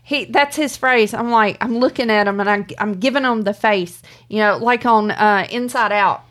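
A woman's voice: medium pitch, normal speed, fairly bright tone. A middle-aged woman, co-hosting a live stream and chatting casually with viewers, laughing often and telling stories with animation.

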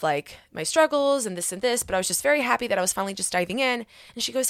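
A woman's voice: medium pitch, lively intonation, quick pace, creaky, a bit bright, no echo, clean studio sound. A woman hosting her own podcast in casual solo chat, rambling and candid with many asides, earnest and encouraging. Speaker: podcast host.

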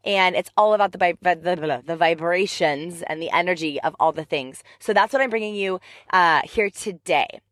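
A woman hosting her own podcast, talking in an upbeat, chatty, motivational way. Her voice is raspy from the tail end of a cough, and she is recording in her parked car on a headset mic. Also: on the low side, normal speed, fairly bright tone, no room sound, studio quality. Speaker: podcast host and life coach. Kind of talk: energetic motivational podcast talk. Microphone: headphones with mic.

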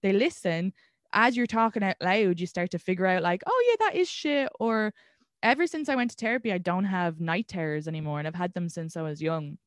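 Chatty Irish woman, candid and animated. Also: fairly low pitch, brisk, dry recording, clean studio sound. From Ireland. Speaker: guest, comedian. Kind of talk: casual conversation.

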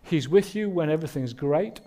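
Male pastor, fairly high voice, earnest sermon delivery. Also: lively intonation, moderate pace. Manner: earnest, warm preaching with rhetorical questions. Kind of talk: Christmas sermon.

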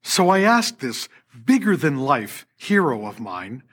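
A man's voice: medium pitch, sing-song, a little slow, fairly bright tone. An older man hosting a podcast, narrating a personal story from a script and acting out quoted dialogue with little laughs. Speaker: podcast host and orchestra conductor.

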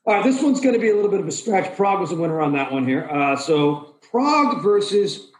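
A man's voice: sits high, big pitch swings, quick pace, roomy sound, rough recording. A man hosting a casual chat with friends, running a game in a playful, joking emcee manner. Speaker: podcast host.

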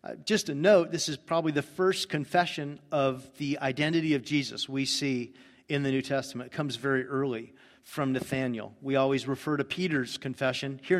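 A man's voice: medium pitch, moderate pace, long reverb tail. A man preaching a sermon, earnestly addressing listeners with rhetorical questions. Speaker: pastor.

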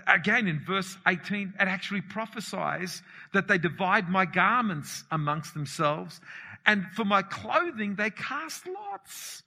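A man preaching a fervent, emphatic sermon as pastor, swinging between shouts and quiet asides. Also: sits high, creaky. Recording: long reverb of a hall.

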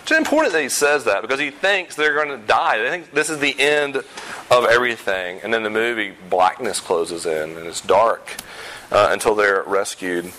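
A pastor preaching a sermon in a conversational way, with self-deprecating humor and emphatic repetition of key points. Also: male voice, fairly low pitch, lively intonation, normal speed, bright, forceful tone, a little hiss or hum, poor audio. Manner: emphatic, repeats key phrases.

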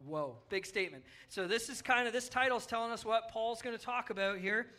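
A children's pastor with a bright, ringing tone and a mid-range pitch delivers a children's sermon at a church service. The delivery is playful and upbeat, gently coaxing the kids along. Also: a little fast.

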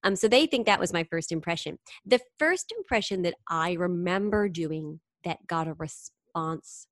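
A woman singer and impressionist, telling stories in an animated, chatty way during an interview. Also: lowish voice, moderate pace, no echo, clean studio sound. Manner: animated, chatty storyteller who briefly slips into singing impressions. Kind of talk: interview conversation.

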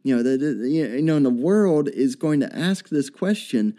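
A man's voice: medium pitch, expressive, normal speed, few pauses, dark tone. A man preaching a sermon in an earnest, repetitive way, with many fillers and restarts.

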